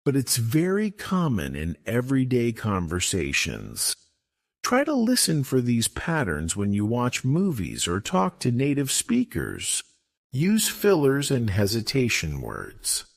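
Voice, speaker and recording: A man reading a scripted English lesson with slow, deliberate delivery and strongly rising and falling pitch. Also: huge pitch swings, creaky, no echo, clean studio sound. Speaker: English teacher.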